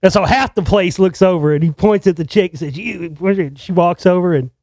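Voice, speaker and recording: A man's voice: high voice, fairly quick, darkish tone, dry recording. Profane rambling storyteller man. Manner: profane, rambling, with many restarts. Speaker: filmmaker telling a story. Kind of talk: casual storytelling.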